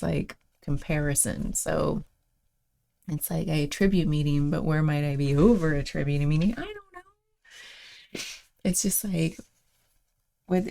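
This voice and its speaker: A woman with a low, mellow voice and a gravelly edge talks through a reflection at her own pace. She meanders, leans on fillers and breaks into soft laughs. It sounds like a casual spoken reflection by the host of a daily show.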